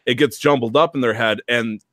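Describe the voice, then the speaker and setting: A man co-hosting a casual gaming podcast, rambling and joking, acting out scenes in quick put-on voices. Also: medium pitch, steady tone, fairly bright tone, no room sound, clean studio sound. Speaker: podcast co-host.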